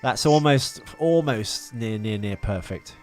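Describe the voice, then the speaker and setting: A man's voice: mid-range voice, lively intonation, a little slow, faint music behind. Rambling man chatting about films. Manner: rambling, hesitant, lots of uh and restarts. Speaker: podcast co-host. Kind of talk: casual film chat.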